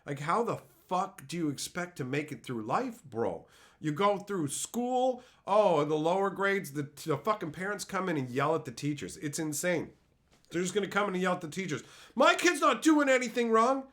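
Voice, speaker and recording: A man's voice: a little high, expressive, normal speed, a bit bright. A man streaming and ranting in a scornful, profane tone, often mocking others in put-on voices. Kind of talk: ranting commentary.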